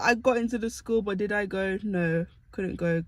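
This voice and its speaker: A woman's voice: medium pitch, moderate pace, no echo, low-quality recording. A young woman from the UK telling stories to camera in a chatty, self-mocking way. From United Kingdom. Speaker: vlogger. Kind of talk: casual storytelling to camera.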